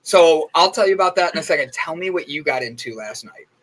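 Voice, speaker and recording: A man's voice: on the high side, animated, quick pace, a bit bright, low-quality recording. A young man co-hosting a casual morning show, telling stories in a chatty way with lots of fillers. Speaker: co-host.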